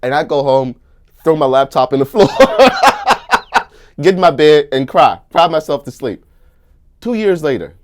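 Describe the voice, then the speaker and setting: A young man telling a crude story in casual chat, animated and bursting into shouts and laughter. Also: a little high, unhurried, slight background noise. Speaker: comedian guest.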